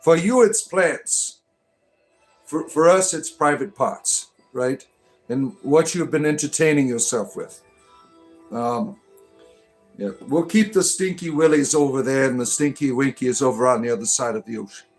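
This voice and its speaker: A man's voice: medium pitch, normal speed, faint music behind. A man hosting a live stream, reading viewers' comments aloud in a casual, rambling and joking way, with many restarts, from the United States. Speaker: livestream host reading chat comments.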